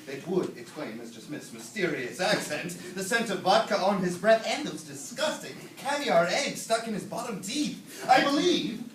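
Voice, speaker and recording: A man's voice: sits high, sing-song, moderate pace, hardly any pauses, a bit bright, reverberant, far from the mic, slight background noise. A young man acting a jumpy, paranoid office worker who speaks in grand, theatrical declarations on a school stage. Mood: grandiose. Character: paranoid conspiracy-minded male office worker. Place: school stage before an audience.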